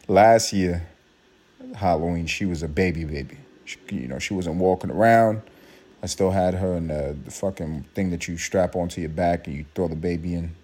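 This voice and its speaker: A man in his thirties hosting a casual solo podcast, rambling and profane, with sudden high mocking outbursts. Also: a little mellow, slightly rough. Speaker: podcast host.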